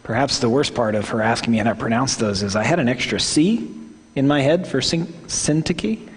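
A man's voice: medium pitch, a little fast, a little hiss or hum. A man in his forties with a Midwestern accent, preaching a sermon in a candid, self-deprecating, conversational way. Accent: Midwestern American. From American Midwest. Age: 40s. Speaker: pastor. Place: church hall. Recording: long reverb of a church hall.

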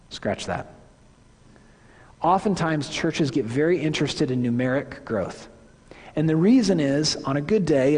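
Husky-voiced man preaching in a reverberant church. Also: a little high, a little mellow. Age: 40s. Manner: conversational, self-correcting, earnest. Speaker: lead pastor. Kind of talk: sermon. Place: church sanctuary. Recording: long hall reverb.

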